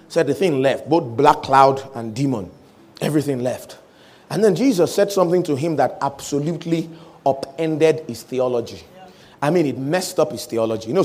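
Animated man preaching with a lively voice. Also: a little high, slightly rough. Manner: animated storytelling, voicing quoted speech, rising to shouts. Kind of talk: sermon.

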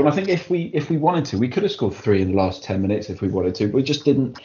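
A man's voice: fairly low pitch, quick pace. A man co-hosting a casual chat and getting passionate and fired up as he talks. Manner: passionate, builds up excitedly. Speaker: podcast co-host. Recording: dull lo-fi audio.

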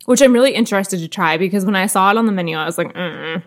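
A woman in a relaxed podcast chat, mid-pitched and ordinary in tone. She tells stories with lively energy and drops swear words without a second thought. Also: racing. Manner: animated storytelling with frequent swearing. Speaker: podcast co-host. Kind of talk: casual chat.

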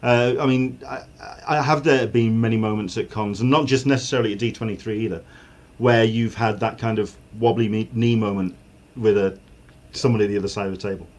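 A man's voice: on the low side, steady tone, fairly quick, darkish tone. Hesitant man in casual chat. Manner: hesitant, many fillers and restarts.

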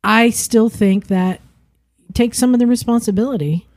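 A woman's voice: a little high, moderate pace, a little mellow. A woman co-hosting a podcast, giving direct advice in casual chat.

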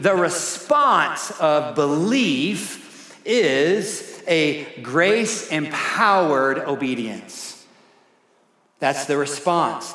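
A middle-aged pastor preaching a sermon in a church, slow and emphatic, repeating his key phrases. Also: on the high side, a bit bright. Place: church sanctuary. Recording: echoey hall reverb.

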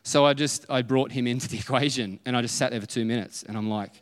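A pastor preaches a conversational sermon in a church auditorium, acting out little dialogues as he tells stories. He talks fast at a medium pitch with few pauses, and a long hall reverb surrounds his voice.

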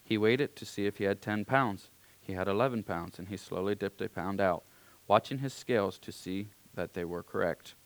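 A man reading a story aloud in a calm, unhurried way, now and then clearing his throat. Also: fairly low pitch.

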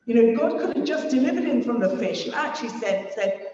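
Male preacher, very high and slow, recorded from afar in a long-reverb hall. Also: expressive, a little mellow. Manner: conversational, asks the congregation rhetorical questions. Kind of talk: sermon. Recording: distant, roomy, dull long-reverb hall sound.

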